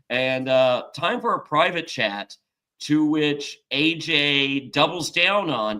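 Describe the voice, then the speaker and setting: A man's voice: on the high side, slow pace, pushed and bright. A man hosting a casual reality-show recap, joking and acting out quotes from the episode. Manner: jokey, recaps scenes in mimicked quotes. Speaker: podcast host.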